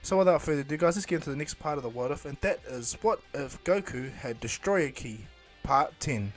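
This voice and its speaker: A man's voice: on the high side, animated, a little fast, faint music behind. A man improvising a fan story retelling, rambling with many ums and restarts and briefly voicing the characters. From New Zealand.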